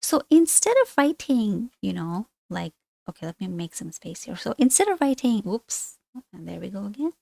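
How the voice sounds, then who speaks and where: A woman's voice: medium pitch, very animated, normal speed, gravelly, warm tone, no room sound. A woman teaching an online language lesson, explaining things on screen in a chatty, rambling way with frequent asides and self-corrections.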